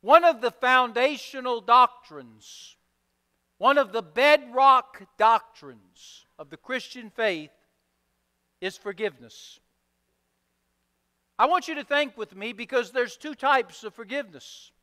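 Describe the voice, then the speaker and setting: A man preaching a sermon as pastor, deliberate and emphatic, building points through repetition. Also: extremely high pitch, bright, forceful tone, smooth. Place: church sanctuary. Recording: long reverb of a church hall.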